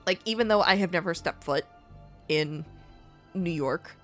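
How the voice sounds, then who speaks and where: A young woman streams a video game with soft music in the background, chatting casually and rambling, with frequent restarts and fillers. She laughs often between remarks, and her lowish voice is fairly bright and a little slow.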